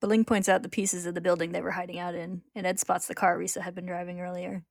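A woman's voice: fairly low pitch, little pitch movement, quick pace, creaky, no echo, clean studio sound. A woman host retelling a comic's story in casual recap narration, laughing often and lifting the quoted lines. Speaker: podcast host retelling a manga.

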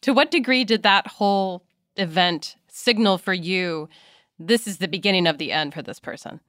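A woman's voice: on the low side, moderate pace, a bit bright. A woman hosting a podcast, asking curious questions to prompt her guest. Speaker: podcast host. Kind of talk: casual interview.

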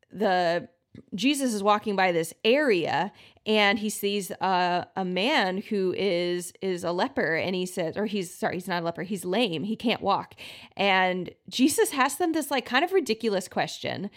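A woman's voice: mid-range voice, unhurried. Chatty woman podcast host. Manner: chatty, many "like" fillers, acts out quoted voices. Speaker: podcast host and health practitioner. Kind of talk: casual solo podcast talk.

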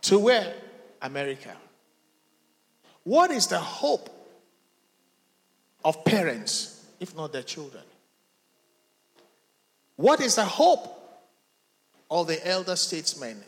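Male pastor, slow, animated, emphatic delivery with congregation response, reverberant church hall. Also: high-pitched. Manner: dramatic, emphatic preaching with call-and-response. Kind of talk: sermon.

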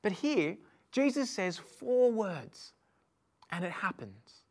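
A woman delivers a sermon to an online audience. Her manner is chatty and animated, moving between quiet, intimate stretches and loud, emphatic ones. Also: mid-range voice, slow. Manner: conversational and animated, swings from hushed to loud. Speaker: preacher.

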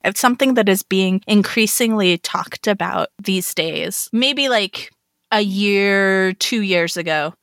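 A young adult woman with a high-pitched voice, co-hosting a podcast in casual chat, full of "like" fillers. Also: slow pace, a bit bright, dry recording, studio quality. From United States. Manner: chatty, lots of "like" fillers. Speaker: podcast co-host.

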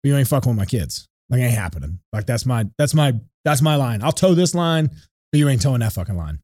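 A man's voice: mid-range voice, a little fast, no echo, studio quality. A man co-hosting a podcast, telling a heated, profane story in a casual chat. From St. Louis area. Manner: profane, heated, animated retelling. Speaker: podcast co-host.

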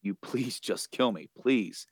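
A remorseful grown man, a villain who pleads to be killed, as a man reads his lines aloud. The voice sits low and quiet, close and dry with no room sound. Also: fairly even intonation, normal speed, no echo, lightly acted. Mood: pleading.

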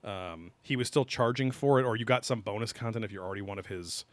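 A man's voice: lowish voice, fast, dry recording. A man co-hosting a podcast in casual chat, rambling with lots of fillers and offhand swearing. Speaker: podcast co-host.

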